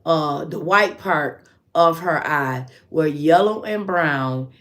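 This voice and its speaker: Slow-talking woman telling a story. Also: deep voice. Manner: chatty, animated storytelling; answers chat with endearments. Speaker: livestream host. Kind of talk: casual storytelling to viewers.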